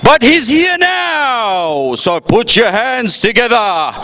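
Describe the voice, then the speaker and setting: A man's voice: extremely high pitch, sing-song, slow pace, sharp tone. A man on a festival stage announcing the host with grand, joking hype. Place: festival stage before a live audience.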